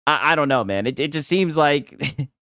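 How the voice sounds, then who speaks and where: Brief: male streamer, profane, mocking reaction talk, animated swings in pitch, dry close sound. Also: normal speed, no room sound. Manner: profane, mocking, keeps asking "right?". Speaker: gaming commentary streamer. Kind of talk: casual reaction commentary.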